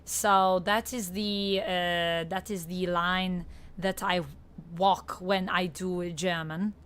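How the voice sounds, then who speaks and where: A young woman with a Canadian accent chatting casually to her viewers while playing a game live, reading out chat and filling pauses with "uh" and "like". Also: lowish voice, flat delivery, fairly bright tone, clear, resonant tone. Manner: chatty, reads chat aloud, frequent fillers. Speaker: streamer. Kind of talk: live-stream gameplay chat.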